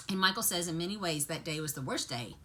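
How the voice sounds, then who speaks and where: Lively, bright-voiced woman vlogger. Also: on the low side, slightly rough. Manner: chatty, lively storytelling with asides. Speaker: vlogger recapping a TV episode. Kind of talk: casual retelling to camera.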